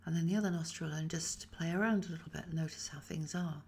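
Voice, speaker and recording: Female voice teacher, husky and gravelly, calm instructive delivery with sound demonstrations. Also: deep voice, fast. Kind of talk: guided voice exercise.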